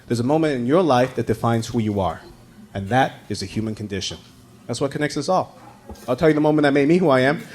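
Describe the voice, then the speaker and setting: A man in his thirties, a native Mandarin speaker, doing an animated stand-up set on a comedy club stage and shouting his punchlines. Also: medium pitch. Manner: animated, shouts punchlines, acts out others' voices. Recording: live club recording, roomy, loud audience laughter.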